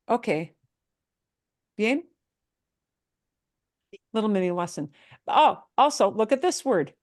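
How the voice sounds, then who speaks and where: Woman, Spanish teacher, slow deliberate delivery, dry close sound, playful repeats. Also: mid-range voice, very animated, dry recording. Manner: playful, drawn-out repeated words. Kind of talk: pronunciation lesson.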